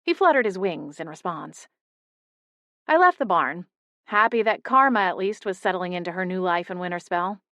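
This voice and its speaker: A young woman narrating a first-person audiobook in a steady, intimate storytelling manner. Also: fairly low pitch, normal speed, dry recording, dull audio. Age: young adult.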